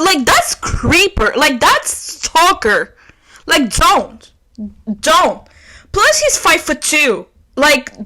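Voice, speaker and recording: A young woman, hosting her own podcast and telling a story in casual chat, swinging from loud outbursts to hushed asides. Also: high-pitched. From Quebec, Canada. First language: French. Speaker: podcast host.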